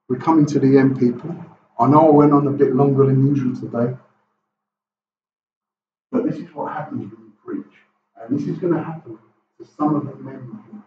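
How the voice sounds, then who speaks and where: A man's voice: fairly high pitch, normal speed, pauses often, a little mellow, slight background noise. A man preaching a sermon as pastor, impassioned and firing off rhetorical questions in a church hall. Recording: echoey, distant, dull room recording.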